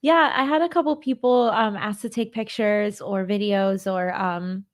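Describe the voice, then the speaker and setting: A woman's voice: mid-range voice, normal speed. A woman co-hosting a casual podcast chat, bubbly and enthusiastic, giggling and peppering her talk with "like". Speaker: podcast co-host.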